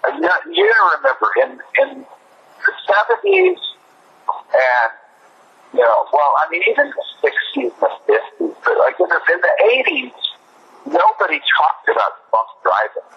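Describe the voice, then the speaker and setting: A rock musician answering interview questions in a halting, reflective way, restarting often. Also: male voice, very high voice, huge pitch swings, creaky, muffled recording.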